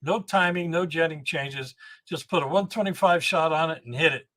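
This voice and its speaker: A man in his seventies, a guest on a podcast, telling rambling, animated anecdotes about engine building and often restarting his sentences. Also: a little high, normal speed, a little hiss or hum. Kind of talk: storytelling podcast interview.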